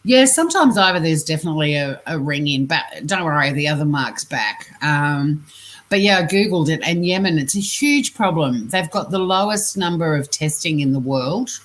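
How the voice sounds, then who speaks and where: A woman's voice: low voice, expressive, moderate pace. An Australian woman hosting a casual livestream, reading scam messages and chat aloud, chatty, laughing often and swearing freely. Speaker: scambaiting livestream host.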